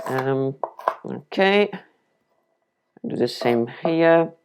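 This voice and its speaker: Low-voiced French woman chatting while cooking. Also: animated, drawn-out words, background noise. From France. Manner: chatty and enthusiastic, talks to the viewer while chopping. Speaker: cooking video host. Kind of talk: casual cooking demonstration. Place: home kitchen.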